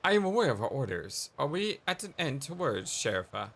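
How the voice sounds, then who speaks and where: A man voicing a stern, cold soldier commander, reading game dialogue slowly and gravely over game music. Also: mid-range voice, sing-song, full character voice. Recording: loud game music behind.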